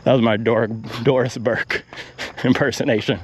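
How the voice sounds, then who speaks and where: A man's voice: mid-range voice, expressive, a little slow, long pauses, slight background noise. A man vlogging while out on a run, ranting animatedly and working through his pace math aloud. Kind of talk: casual vlog rant while running. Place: outdoors on a run.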